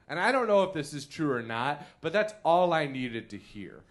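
A man's voice: on the high side, sing-song, moderate pace. A man doing comic storytelling on a podcast, laughing mid-sentence and acting out quotes with big jumps in voice. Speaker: comedian guest. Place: theater stage.

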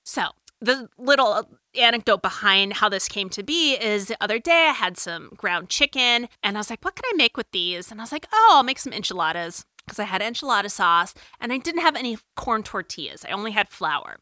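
A woman's voice: mid-range voice, expressive, a little fast, hardly any pauses, bright, forceful tone, no echo, studio quality. A woman in her thirties from Phoenix, co-hosting a casual chat and telling food stories with easy laughs. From Phoenix, Arizona. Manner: chatty, laughs easily, acts out her own quotes. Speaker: podcast co-host.

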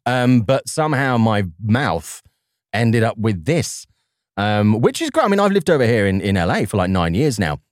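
A man's voice: on the low side, big pitch swings, normal speed, no room sound, clean studio sound. A man with a fruity, mixed Welsh and English British accent, chatting as a podcast guest, self-deprecating and full of restarts. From United Kingdom. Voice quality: fruity, plummy. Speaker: podcast guest, film journalist. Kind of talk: casual podcast chat.

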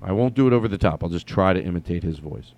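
A man's voice: low-pitched, lively intonation, quick pace, a little mellow. A man telling a story casually as a comedian host, rambling with many restarts and some swearing. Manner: rambling, profane, lots of restarts.

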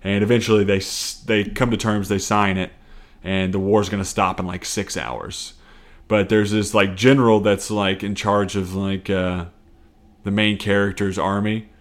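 Low-voiced man rambling on a solo podcast. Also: little pitch movement, moderate pace. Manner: rambling, profane, self-deprecating, with frequent laughs. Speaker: podcast host. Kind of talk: casual solo comedy podcast.

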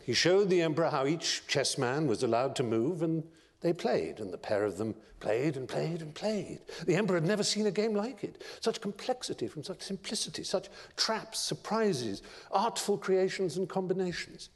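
A man giving a lecture, telling stories in an expressive, theatrical narrating style. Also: on the high side, normal speed. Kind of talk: dramatic storytelling lecture. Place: large lecture hall. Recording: long reverb of a large lecture hall.

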